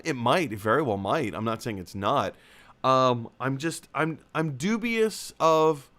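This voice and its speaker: Young male stream host, lively pitch, rambling and filler-heavy, casual chat. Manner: rambling, restarts, many fillers. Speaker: host of a live movie chat show. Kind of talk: casual live-stream chat reading viewer comments.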